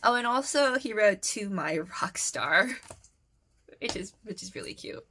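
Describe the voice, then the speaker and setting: Young woman, casual vlog storytelling, rambling, giggly, restarts, animated pitch. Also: measured pace, slight background noise. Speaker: vlogger.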